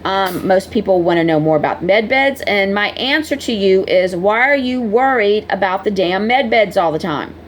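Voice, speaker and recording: A woman's voice: medium pitch, animated, normal speed, few pauses, slight background noise. A woman vlogger talking casually and bluntly to her viewers, scolding them in a preachy way. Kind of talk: casual direct-to-camera talk.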